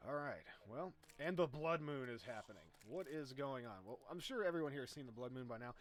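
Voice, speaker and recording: A man giving casual, chatty commentary over his own game, explaining as he plays and getting excited when the fight turns close. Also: medium pitch, a little fast. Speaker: gaming YouTuber.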